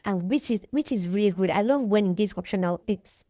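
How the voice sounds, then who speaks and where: A woman's voice: mid-range voice, brisk, mellow, no echo, clean studio sound. A woman giving a casual screen-share tutorial, reading the on-screen text aloud and explaining each step in a chatty way. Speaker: tutorial creator.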